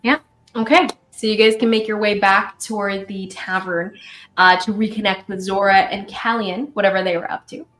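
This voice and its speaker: A woman narrating as game master in a relaxed way, with many fillers. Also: medium pitch, normal speed, faint music behind.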